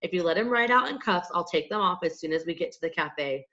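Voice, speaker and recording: A woman reading a measured small-town detective. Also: on the low side, expressive, pushed and bright. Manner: measured, dry. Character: calm, steady male small-town detective. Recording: dull lo-fi audiobook recording.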